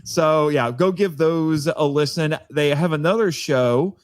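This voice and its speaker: Laughing, animated male podcast guest. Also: a little high, a little slow. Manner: animated, laughs often, trips over words. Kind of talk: casual chat.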